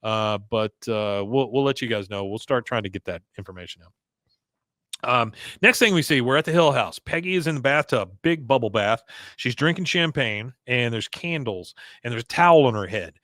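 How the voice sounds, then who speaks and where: Animated man recapping a cartoon episode. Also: medium pitch, normal speed, dry recording, clean studio sound. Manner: animated, acts out quoted lines in put-on voices, laughs often. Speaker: podcast host.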